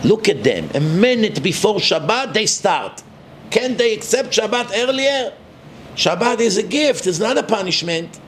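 Figure: elderly male rabbi , put on by a man. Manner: soft, coaxing, warm questions. Pitch: a touch high. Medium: story told in a sermon. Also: big pitch swings, measured pace, a little hiss or hum, full character voice.

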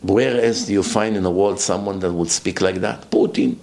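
A man's voice: sits low, moderate pace, creaky, darkish tone. A man giving a sermon-style lecture as a rabbi, emphatic and full of rhetorical questions, with his voice swinging up and down for effect.

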